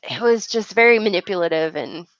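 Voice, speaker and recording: A woman's voice: medium pitch, animated, fairly quick, dry recording. Giggly woman co-host, lo-fi and dry. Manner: giggly, easygoing. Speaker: podcast co-host. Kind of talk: casual chat.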